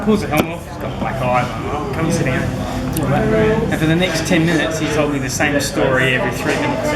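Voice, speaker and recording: A man, a motorcycle rider, telling a story with lively swearing. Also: a little high, fairly quick, roomy sound, a loud crowd. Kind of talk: casual anecdote telling.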